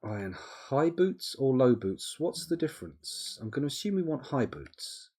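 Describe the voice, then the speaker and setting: A man's voice: medium pitch, very animated, moderate pace, darkish tone, slightly rough. A young man streaming a game live, thinking aloud and muttering menu items with easygoing asides into a desk microphone. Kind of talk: casual live-stream commentary while playing.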